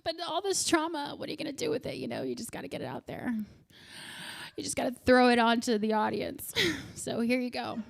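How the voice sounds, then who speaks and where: A woman in her thirties doing stand-up with crowd work, profane and animated, bursting into shouts. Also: on the high side, a little fast, gravelly. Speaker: stand-up comedian.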